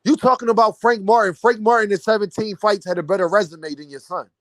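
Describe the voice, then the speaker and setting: A boxing commentary vlogger rants about the sport to his viewers, mocking and incredulous in an animated way. His voice sits high and he talks quickly, and the recording is dry.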